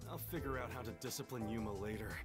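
A man's voice: mid-range voice, quick pace, natural voice. An actor voicing an exasperated male detective agency chief in a video game, stern and scolding. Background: game music.

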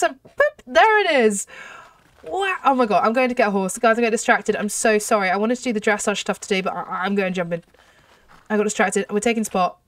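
A woman chats her way through a game in excitable commentary, full of gasps and gushing exclamations. Her voice sits at a middling pitch and sounds a little distant from the microphone. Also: dry recording. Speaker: gaming channel host. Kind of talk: let's play commentary.

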